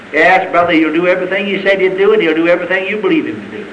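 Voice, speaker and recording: A man preaching a sermon with an old-fashioned preaching cadence, swinging between loud, high exclamations and low, quiet asides. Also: expressive, fast talker, hardly any pauses, slight background noise, low-quality recording.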